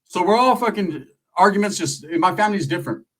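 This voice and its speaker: Slightly high-voiced man from Northern California, crude comic storyteller, rambling and slangy. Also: expressive, a little fast, a bit bright, recorded from a distance, low-quality recording. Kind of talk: comedic storytelling.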